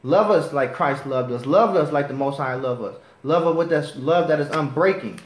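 Male preacher, slightly high voice, impassioned sermon delivery, echoey room. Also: normal speed. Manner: impassioned, rising to righteous anger. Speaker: preacher teaching a class. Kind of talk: sermon with scripture reading.

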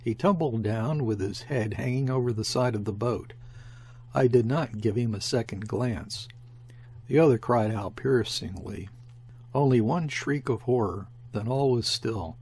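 A man reading a classic short story aloud as an audiobook narrator, in a measured storytelling manner. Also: medium pitch, darkish tone, slightly rough. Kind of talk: scripted narration.

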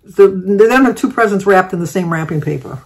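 A woman's voice: medium pitch, brisk, slightly rough. Chatty older woman telling a rambling story. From Michigan, United States. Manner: rambling, chatty, with many fillers and restarts. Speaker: vlogger. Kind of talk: casual storytelling.

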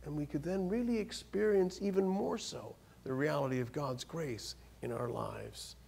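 A guest speaker preaches a sermon in a church at normal speed, his creaky voice animated with sudden jumps in pitch and volume. He often repeats and restarts words, and there's a slight hiss or hum.

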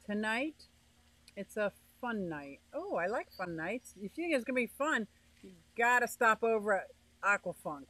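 Very animated and sharp in tone, this northeastern US woman speaks in a mid-range voice at a moderate pace while running a casual livestream. She reads chat comments aloud and greets viewers by name. The recording is rough.

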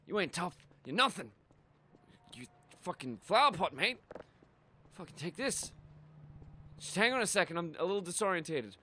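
A man playing a shooter and joking around, goofy and sweary, with sudden shouts. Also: sits high, very animated, moderate pace, pauses often. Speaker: let's play gamer. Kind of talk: gaming commentary.

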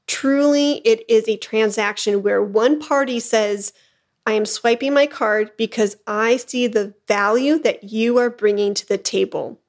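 A woman hosting her own podcast, coaching listeners in an encouraging, emphatic way and often checking in with "okay?". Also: a little high. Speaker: podcast host, flute business coach. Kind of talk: motivational solo podcast talk.

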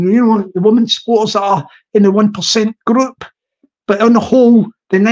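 A man chatting casually on a live stream, rambling and repeating himself, laughing at his own jokes. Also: high voice. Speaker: livestream host.

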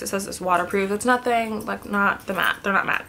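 Fairly quick and mid-range, her voice is pushed and bright with vocal fry, and a little hiss or hum sits behind it. A beauty vlogger on the floor at home, she chats to a camera in a casual product swatching vlog, thinking aloud and often falling to a murmur.

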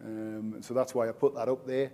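A man speaking at a conference session with a mellow, warm voice. He talks informally and chattily, with many "uh" fillers as he goes. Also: medium pitch, flat delivery, fairly quick. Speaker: general manager presenting. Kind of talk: conference presentation.

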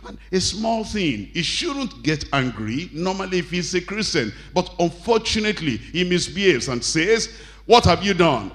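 A male pastor preaching a sermon, reading scripture slowly and acting out angry bosses and pleading wives. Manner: acts out quoted bosses and wives, shouting high and pleading soft; reads scripture slowly and deliberately.

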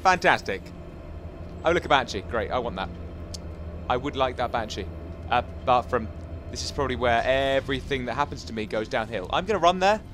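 A man giving jokey, excitable commentary as he plays a video game, chatting to his viewers and taunting enemies. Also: medium pitch, fairly quick. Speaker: gaming YouTuber. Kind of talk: casual Let's Play commentary.

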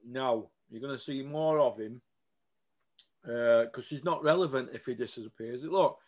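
A man's voice: mid-range voice, a little slow. A man, ranting bluntly about boxing to camera and keeps asking for agreement. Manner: blunt, animated, asks for agreement. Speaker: boxing vlogger. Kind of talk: casual opinion rant to camera.

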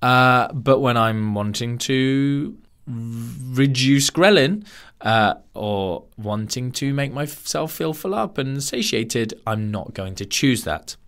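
A man hosting a podcast in a casual monologue, animated and sarcastic, wandering off on tangents. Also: mid-range voice, takes it slowly. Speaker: podcast host.

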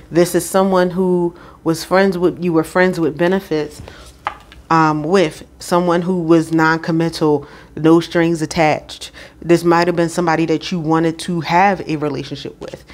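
A woman giving an intuitive spiritual card reading, speaking unhurriedly and checking in with the listener. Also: low-pitched. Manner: unhurried, frequent "all right?" check-ins; addresses the Holy Spirit aloud.

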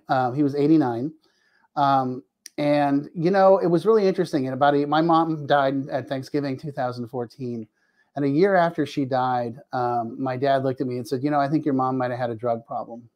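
A man's voice: medium pitch, normal speed. A middle-aged man, a family addiction therapist, telling candid personal stories in a podcast interview and acting out the people he quotes. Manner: animated, acts out quoted dialogue, frequent restarts.

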